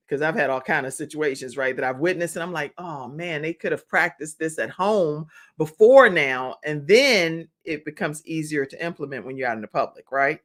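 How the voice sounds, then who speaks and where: A woman's voice: low-pitched, fairly bright tone. A woman hosting a talk show, playful and repeating her guest's points back.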